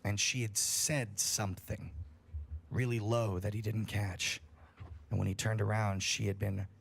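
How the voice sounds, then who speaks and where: A man's voice: lowish voice, measured pace, creaky, husky. A man telling a creepy campfire story on a livestream, casual and full of swearing. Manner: profane, animated storyteller.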